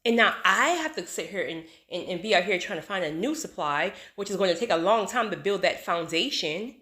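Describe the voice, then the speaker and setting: Animated woman vlogger, emphatic. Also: lowish voice, brisk. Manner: animated, emphatic, rhetorical repetition. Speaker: YouTube channel host. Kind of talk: casual vlog talk to subscribers.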